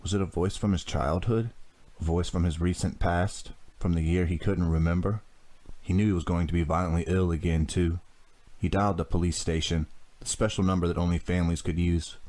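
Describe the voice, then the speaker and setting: Deep voiced guy reading a horror audiobook, steady and measured. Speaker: audiobook narrator. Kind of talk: scripted horror narration.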